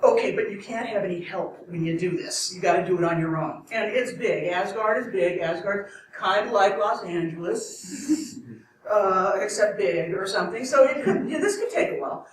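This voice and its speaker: A woman's voice: medium pitch, moderate pace, close to an everyday voice. Woman quoting tight-fisted gods, blunt terms, far off in a roomy space. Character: stingy Norse gods laying down terms. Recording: echoey room from far off.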